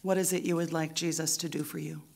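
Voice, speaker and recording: A woman pastor preaching a sermon in a church, deliberate and emphatic, with rhythmic repetition. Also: low-pitched, flat delivery, vocal fry, a little mellow.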